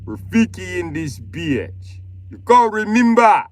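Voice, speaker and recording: A man voicing a boastful tough-guy rapper with a put-on accent, shouting rap boasts. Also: very high voice, takes it slowly, pitched above the performer's own voice, full character voice. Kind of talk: freestyle rap bit on a live stream.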